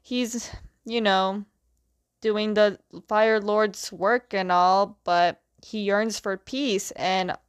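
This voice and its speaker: A woman voicing a gentle older uncle who rambles softly. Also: medium pitch, fairly even intonation, extremely slow, clean tone, no echo, clean studio sound.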